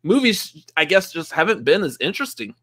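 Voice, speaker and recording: A man's voice: high-pitched, sing-song, a little fast, fairly bright tone. Man, young adult, co-host, casual live-stream chat, rambling, filler-heavy, laughs a lot. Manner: rambling, laughs often, lots of filler words.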